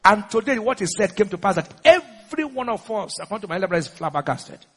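A man's voice: high-pitched, sing-song, fast, a bit bright, husky, long reverb tail. A man with a Nigerian accent preaching a sermon, urging the congregation to repeat lines and slipping into pidgin. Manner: exhorting, call-and-response, mixes pidgin.

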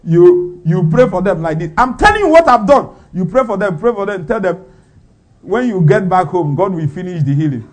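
Animated high-voiced preacher. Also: male voice, moderate pace. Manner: animated, rhetorical questions, bursts of laughter. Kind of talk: sermon.

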